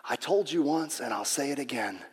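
A man voicing a sly boy who delivers a cheeky punchline deadpan. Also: medium pitch, brisk, in a large hall, background noise, voice pushed down, lightly acted.

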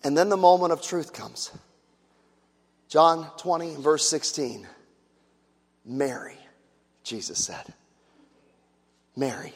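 A man's voice: a little high, expressive, unhurried. A man preaching a sermon with emphatic repetition and rhetorical questions to the congregation. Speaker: pastor. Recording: echoey hall with long reverb.

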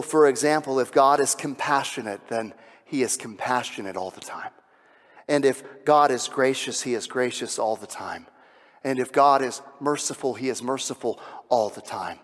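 A man preaches in an easy, talky way, going quiet for the holy moments and swelling up loud when he drives a point home. His voice is mid-pitched. It rings out with the long reverb of a large church hall. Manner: conversational preaching, drops to a hush on solemn lines, builds loud on climaxes. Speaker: pastor. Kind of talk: sermon.

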